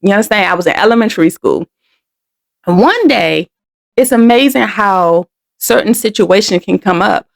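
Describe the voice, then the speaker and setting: A woman's voice: medium pitch, lively intonation, normal speed, vocal fry. A middle-aged woman from Washington DC hosting a podcast, telling a personal story candidly and with emotion, often restarting and repeating words. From Washington DC, United States. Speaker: podcast host.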